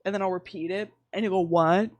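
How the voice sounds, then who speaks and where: A woman's voice: medium pitch, steady tone, racing, darkish tone, no room sound. A woman streaming from home, chatting casually while gaming, laughing often and speaking candidly with some swearing.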